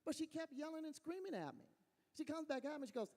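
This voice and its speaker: A man with a West Texas accent doing folksy, animated stand-up storytelling on a fair stage. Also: very high-pitched, quick pace, long reverb tail. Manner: animated storytelling, folksy, laughs at own jokes. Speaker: stand-up comedian. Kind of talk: stand-up comedy.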